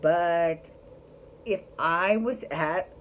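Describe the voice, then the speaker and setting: A woman's voice: fairly low pitch, extremely slow, dull audio, slight background noise. A woman recapping a reality show in a chatty, opinionated way, swearing freely. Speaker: recap vlogger.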